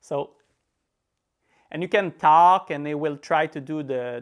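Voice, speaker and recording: A man's voice: a little high, measured pace, smooth. Easygoing man with a French accent. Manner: easygoing, talks step by step with small laughs. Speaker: tech tutorial host. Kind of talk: screen-recorded app tutorial.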